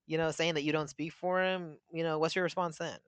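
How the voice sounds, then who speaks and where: A man's voice: fairly high pitch, level tone, a little fast, a bit bright, clean tone, no echo. A young man co-hosting a podcast in casual chat, rambling with lots of filler words. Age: young adult. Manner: rambling, full of "you know" fillers. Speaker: podcast co-host.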